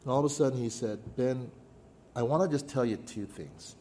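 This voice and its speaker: A middle-aged man preaching a sermon, telling a personal story with dramatic pauses and sudden drops to a hush. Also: medium pitch, a little hiss or hum. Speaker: pastor.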